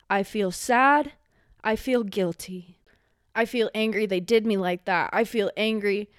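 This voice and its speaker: Speaking alone on her podcast, a young woman pours out impassioned feeling, cursing openly and yelling when her anger builds. She lingers over each phrase in a slightly high voice, captured up close in a dry recording with no room sound.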